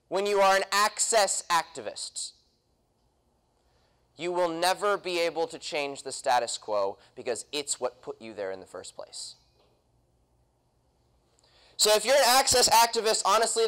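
A young man with a high, fairly bright voice delivers punchy political remarks at a convention, firing questions at the live audience in the hall. The recording is rough.

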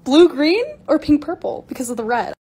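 A woman chatting excitedly as she shows things off in a casual vlog, gushing over each item. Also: high-pitched, normal speed, background noise. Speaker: lifestyle creator.

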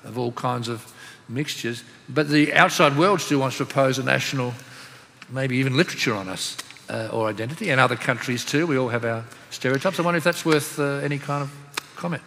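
A man's voice: mid-range voice, a little fast, vocal fry, fairly bright tone. An Australian man moderating a panel discussion, easygoing and fond of telling anecdotes. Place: conference hall. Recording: reverberant hall with faint room noise.

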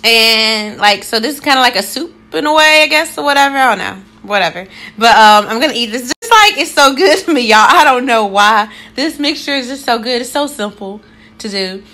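Young woman vlogging, talks to the camera a lot, laughs easy, kinda high bright voice. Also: lively intonation, brisk. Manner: chatty, laughs often, addresses viewers as y'all. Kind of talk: casual vlog chat.

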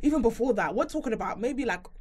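Young woman, podcast host, casual chat, lively swooping voice, fairly high. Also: husky. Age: 20s. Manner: animated, quick, laughing.

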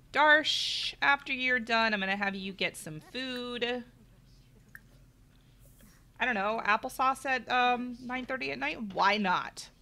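A middle-aged woman hosts a gaming channel, chatting to her viewers and exclaiming at the game in let's play commentary. Her voice is on the high side, gravelly and sharp, with faint game music in the background.

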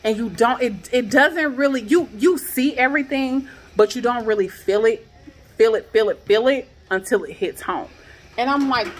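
A woman's voice: on the high side, moderate pace, slight background noise. Upset woman in her thirties vlogging. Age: 30s. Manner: upset, animated storytelling, rising to near-shouting questions. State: shaken. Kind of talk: emotional personal vlog. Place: her home garage.

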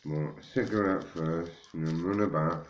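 A man's voice: sits low, steady tone, a little slow, highs cut off, slight background noise. A man who has just woken up, rambling casually to viewers and swearing freely. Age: 30s. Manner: loose, swearing, slangy, addresses viewers as guys and mate. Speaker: vlogger. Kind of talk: rambling casual morning chat.

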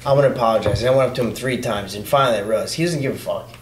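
A man telling stories on a podcast in a lively, profane way, acting out other people's voices. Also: mid-range voice, very fast, slight background noise. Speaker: podcast guest. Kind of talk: casual podcast storytelling. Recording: echoey room with crowd chatter.

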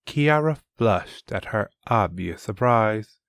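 A man reading a fantasy story aloud as narrator, in a measured, even way. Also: lowish voice, vocal fry, no room sound. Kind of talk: audiobook narration.

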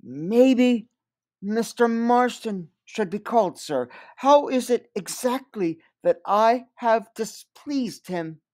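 A man's voice: animated, slow pace, darkish tone, full character voice. A man reading aloud, voicing a bold young woman mill worker in a raised, strained voice. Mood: pleading. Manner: pleading then indignant, high and strained.

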